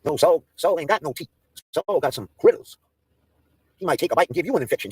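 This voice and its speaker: A man's voice: fairly high pitch, lively intonation, quick pace, pauses often, slightly rough, no room sound. A man in a profane, taunting livestream rant, mocking and daring his targets.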